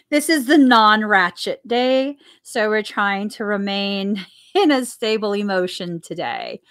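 Slow, earnest woman podcast host. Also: mid-range voice, a bit bright. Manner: earnest, repeats phrases for emphasis. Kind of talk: casual spiritual podcast talk. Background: coffee sips between remarks.

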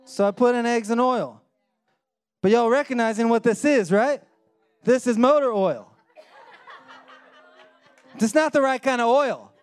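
High-voiced man preaching. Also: measured pace, long pauses, clear, resonant tone, faint music behind. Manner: animated, acts out voices in his story. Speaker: pastor. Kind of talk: sermon with storytelling.

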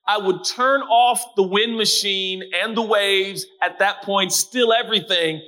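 A man preaching a sermon who swings between loud, dramatic shouting and hushed, low asides. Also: unhurried. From Portland, Oregon. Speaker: pastor.

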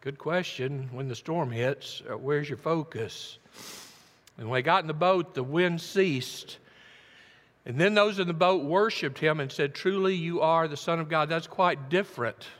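A man preaching a sermon, telling the story dramatically and swinging from hushed tones to loud emphasis. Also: fairly high pitch, measured pace, big-room sound. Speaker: pastor. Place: church.

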